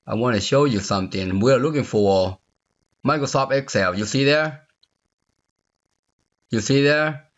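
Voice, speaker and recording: A software tutorial instructor records an unscripted screen-capture coding lesson, thinking aloud as he works at a slow, unhurried pace. He repeats phrases and often checks in with the viewer, asking "you see there?". His medium-pitched voice comes through a computer mic, slightly dull and lo-fi.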